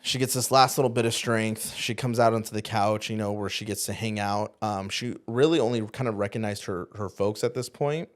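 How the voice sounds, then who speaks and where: Low-voiced man telling a painful story. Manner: halting, earnest, often trailing off quietly. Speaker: podcast co-host, former youth pastor. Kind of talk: emotional personal storytelling.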